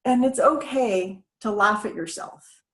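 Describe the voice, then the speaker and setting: A woman's voice: mid-range voice, unhurried, fairly bright tone. A woman speaker guiding a laughter exercise, upbeat, breaking into laughter and cheers. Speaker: self-care speaker.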